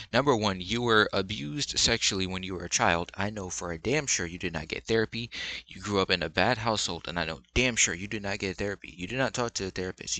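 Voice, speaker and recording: A man's voice: lowish voice, bright, forceful tone. A young man giving blunt, rambling relationship advice in casual, slang-filled commentary.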